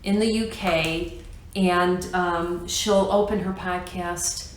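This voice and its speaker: A woman's voice: on the low side, fairly even intonation. A woman co-hosting a crafting podcast, rambling casually with fillers and laughs. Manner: slow, rambling, laughs easily. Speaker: podcast co-host. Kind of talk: casual chat. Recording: roomy sound with faint noise.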